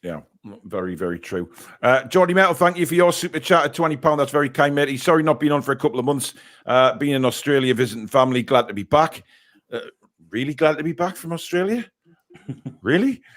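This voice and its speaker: A man's voice: mid-range voice, fast talker, a bit bright. Chatty male podcast host. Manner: chatty, reacting with filler words. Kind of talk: casual live-stream chat.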